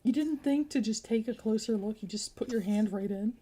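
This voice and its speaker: A woman's voice: fairly high pitch, brisk, mellow, slightly rough. A tired woman chatting while playing a game, dry and teasing in manner. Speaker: gamer. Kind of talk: casual gaming chat.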